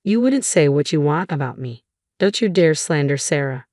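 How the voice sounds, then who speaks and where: A woman voicing a kind, frail elderly mother-in-law who speaks gently, read in a low, dry storytelling voice. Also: lively intonation, moderate pace, no echo. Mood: stern. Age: older. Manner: gentle, stern when roused.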